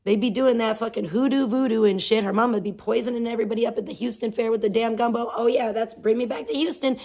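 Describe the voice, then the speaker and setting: A woman's voice: a little high, steady tone, fast talker, a little mellow. A woman hosting a livestream, venting casually with profane, sarcastic rants and talking to her chat. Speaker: livestream host.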